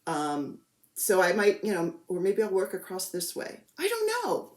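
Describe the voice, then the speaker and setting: This woman's voice sits on the low side and moves at a normal speed, with a roomy sound around it. She gives a casual show-and-tell of her cross-stitch work, chatty and rambling, and she's quick to make fun of herself.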